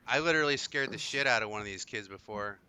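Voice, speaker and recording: A man's voice: on the low side, quick pace, crowd noise. A man telling a story in casual chat, blunt and swearing.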